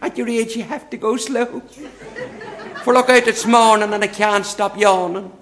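A man voicing an older wife who scolds her husband in a quick, teasing way within a comic poem. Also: extremely high pitch, flat delivery, a bit bright, voice pushed up.

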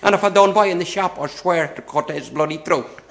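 A man voicing an older wife who scolds her husband in a quick, teasing way within a comic poem. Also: high voice, gravelly, a bit bright. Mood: exasperated.

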